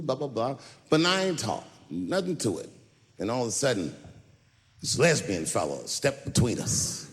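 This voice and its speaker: Animated comedian on a big stage. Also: male voice, fairly high pitch, normal speed. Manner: drawling storytelling with bursts of loud acted lines. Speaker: stand-up comedian. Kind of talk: stand-up comedy routine. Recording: long reverb of a large venue.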